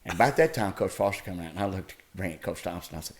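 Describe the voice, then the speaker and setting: A middle-aged man, a podcast guest, telling old school sports stories in a folksy, animated way. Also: lowish voice, fast, few pauses, a crowd in the background. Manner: folksy, animated retelling with laughs. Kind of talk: casual storytelling.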